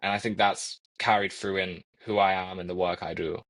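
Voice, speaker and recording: A man's voice: low-pitched, little pitch movement, normal speed, fairly bright tone. Earnest young man with a Coventry accent. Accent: Coventry English. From England. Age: young adult. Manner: earnest, repeats words while thinking. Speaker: guest. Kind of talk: reflective interview conversation.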